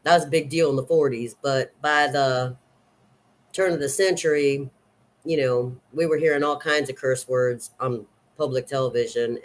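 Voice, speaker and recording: A woman in her fifties with a Southern accent, chatting loosely to her vlog viewers and rambling through her thoughts with many pauses and fillers. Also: rumbling low. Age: 50s. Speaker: vlogger. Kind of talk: casual chat.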